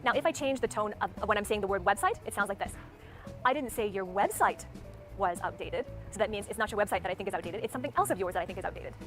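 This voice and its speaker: Brisk woman giving speaking tips. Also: mid-range voice, a bit bright, faint music behind. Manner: brisk, clearly enunciated teaching delivery. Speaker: speaking coach. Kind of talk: instructional talk to camera.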